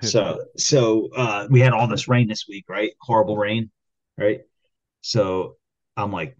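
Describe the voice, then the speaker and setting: A lower-voiced man rants his way through a work story, swearing in nearly every breath and shouting out the lines he threw at his coworkers. The recording sounds dull and lo-fi. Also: steady tone, a little slow. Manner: heated, rambling, swears constantly, acts out quoted arguments loudly. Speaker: podcast co-host. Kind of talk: casual profane storytelling.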